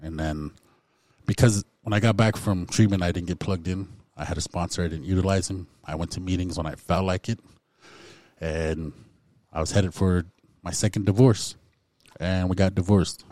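A man with a very low voice recounts his own recovery story. He talks candidly and conversationally, with lots of fillers. The sound is close and dry. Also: steady tone, normal speed, dark tone, no echo. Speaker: speaker sharing recovery story.

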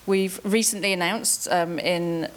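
Woman presenting at a conference, soft-voiced. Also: lowish voice, fairly even intonation, a little slow. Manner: friendly, frequent ums. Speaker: TV executive presenting on a panel.

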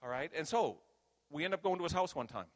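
Middle-aged guy preaching, tells stories, acts out the lines loud, voice jumps all over. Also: a little high, fast talker. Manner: animated, acts out quoted dialogue loudly. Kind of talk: storytelling sermon.

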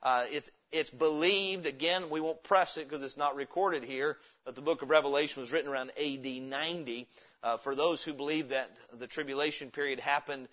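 Speaking briskly with fairly even intonation, a male pastor delivers a sermon in the sanctuary in a bright, forceful, slightly high voice. Again and again he asks the congregation something and supplies the answer himself, captured on a dull, lo-fi recording.

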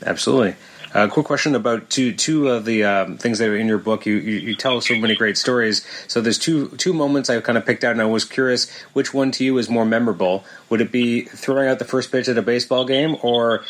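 A man's voice: mid-range voice, fairly quick, fairly bright tone. A male podcast host asking interview questions, stammering a little as he starts.

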